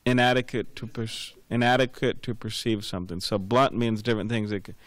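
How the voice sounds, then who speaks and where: A man's voice: on the low side, level tone, brisk, a bit bright. A man giving a scripture class, rambling and repeating words with many fillers, telling anecdotes. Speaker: class speaker.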